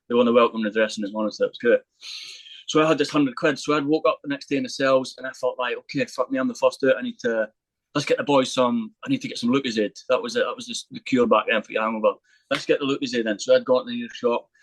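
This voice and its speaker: A man, a podcast guest telling a lively anecdote in casual chat, swearing freely and acting out the voices of the people in his story. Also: mid-range voice, dry recording, low-quality recording.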